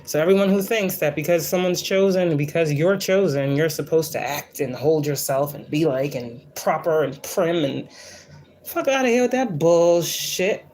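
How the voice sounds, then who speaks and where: A woman's voice: low-pitched, normal speed, darkish tone. A woman hosting a casual spiritual livestream, talking in a blunt, profane, preachy and defiant way, often repeating lines for emphasis. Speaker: spiritual reader and livestream host.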